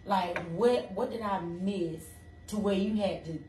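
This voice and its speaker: A woman with a mid-range, dark voice co-hosts a casual faith talk at a measured pace. She's conversational and often restarts her sentences. The audio sounds roomy, with a distant mic and faint noise.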